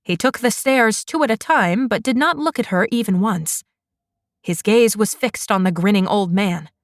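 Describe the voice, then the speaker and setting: A woman narrating a fantasy romance audiobook in a measured, unhurried manner. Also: mid-range voice, no echo, clean studio sound.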